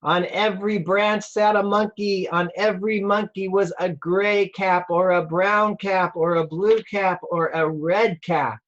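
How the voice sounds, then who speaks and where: A rabbi reading a picture book aloud to children over a video call, slow and playful, asking them questions. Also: male voice, high-pitched, fairly even intonation, a bit bright, highs cut off.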